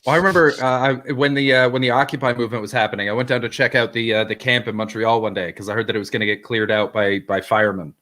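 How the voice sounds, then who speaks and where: A man co-hosting a casual stream chat, telling stories in a measured, thoughtful way with hesitant fillers. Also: fairly low pitch, fairly even intonation, pushed and bright. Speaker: co-host.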